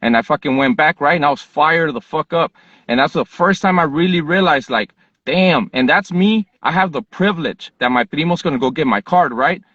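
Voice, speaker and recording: A man from Southern California, hosting a podcast, telling a personal story in a casual, animated, profane way. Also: a little high, normal speed, no room sound, lo-fi sound. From Southern California, USA. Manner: animated, profane, fired-up retelling. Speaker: podcast host.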